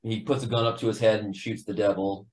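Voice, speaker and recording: A man from a metal band, a guest on a casual podcast. He talks in an excitable, profane way and laughs often. His voice sits a bit low. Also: fast talker.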